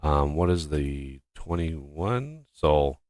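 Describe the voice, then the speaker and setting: Slow, lively-voiced man rambling over gameplay. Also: extremely low pitch, dry recording. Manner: rambling, full of fillers and restarts. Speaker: gameplay streamer. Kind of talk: casual gameplay commentary.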